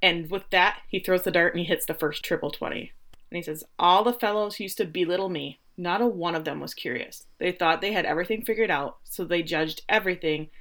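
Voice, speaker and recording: A woman chatting casually as she recaps a story, slipping into the characters' lines as she goes. Her voice sits a little low, and she keeps the telling animated. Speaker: podcast co-host recapping an episode. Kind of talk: casual chat.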